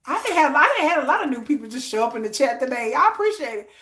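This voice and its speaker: High-voiced woman telling stories live. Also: racing. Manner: animated storytelling, acting out quoted lines. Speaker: live streamer. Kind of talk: casual live-stream chat. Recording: echoey room.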